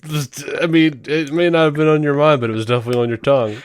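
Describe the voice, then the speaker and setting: A man's voice: fairly high pitch, quick pace, smooth, no echo. A man co-hosting a podcast in casual chat, sleepy and laid-back, laughing often. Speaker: podcast co-host. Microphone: headphones and home mic.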